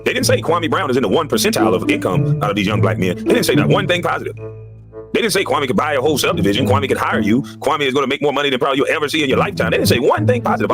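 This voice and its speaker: A former basketball player in a heated podcast monologue, ranting with emphatic repetition. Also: male voice, on the high side.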